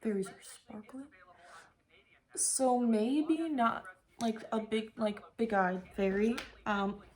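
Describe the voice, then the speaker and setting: A woman's voice: fairly high pitch, fairly even intonation, slow, a little mellow. A woman makeup vlogger chatting casually to herself while she works, rambling and thinking aloud.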